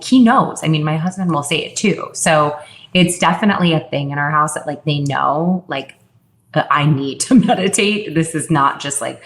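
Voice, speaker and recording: A woman's voice: deep voice, fairly bright tone. A woman in her thirties talking as a podcast guest in casual conversation, full of "like" fillers and self-restarts. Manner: chatty, many "like" fillers and restarts. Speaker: podcast guest, wellness founder. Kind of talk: casual interview chat.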